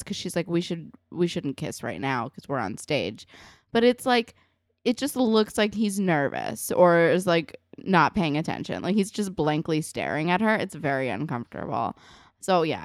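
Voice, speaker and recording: A young woman co-hosting a casual TV recap chat, animated and acting out characters' lines as she goes. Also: on the low side, no room sound, studio quality. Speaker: podcast co-host.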